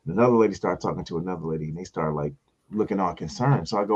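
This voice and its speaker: A comedian and host from the tells a story in casual chat, acting out the people in it. His voice is husky and swings widely in pitch. The recording sounds muffled and lo-fi. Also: rapid-fire. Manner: animated storyteller, acts out voices in high pitch.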